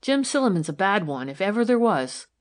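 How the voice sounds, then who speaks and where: A woman's voice: medium pitch, sing-song, brisk, pitched above the performer's own voice, close to an everyday voice. A woman voicing a defiant, gum-chewing young woman on probation who talks in blunt street slang, in a storybook reading. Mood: cocky.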